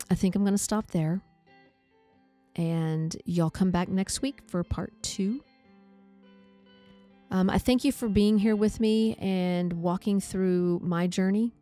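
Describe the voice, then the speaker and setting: A podcast host telling her own story, candid and halting, with many pauses and fillers. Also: medium pitch, dark tone, faint music behind. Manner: candid, halting, reflective, says like often. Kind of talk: personal storytelling.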